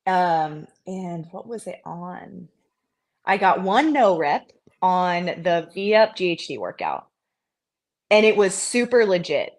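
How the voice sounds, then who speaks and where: Animated self-mocking woman athlete. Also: takes it slowly. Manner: animated, self-mocking, acts out quotes in a higher voice. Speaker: interview guest, CrossFit athlete. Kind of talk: casual interview chat.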